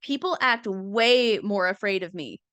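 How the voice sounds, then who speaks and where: Comedian-type woman, casual wry talk, mid-pitched voice, dry recording. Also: expressive, fairly bright tone, smooth, no echo. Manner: conversational and wry, slipping into quick impressions. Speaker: comedian and speaking coach. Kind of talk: casual talk with acted-out quotes.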